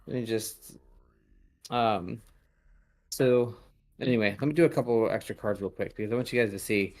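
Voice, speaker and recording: Male podcast host, low-ish voice, meandering and halting, casual chat. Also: fairly even intonation, a little mellow. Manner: rambling, hesitant, lots of ums. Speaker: podcast host reading tarot.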